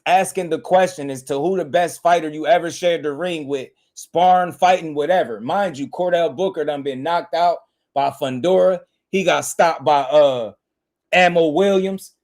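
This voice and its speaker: A man's voice: on the high side, normal speed, a little mellow. A man hosting a boxing channel, ranting in casual commentary with heated, profane emphasis.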